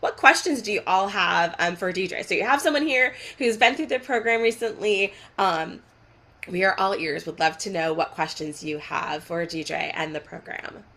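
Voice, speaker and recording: A woman's voice: fairly low pitch, moderate pace, pushed and bright. A woman hosting an online info session in an upbeat, encouraging way. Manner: upbeat, encouraging, with many fillers. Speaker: session host. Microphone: video call.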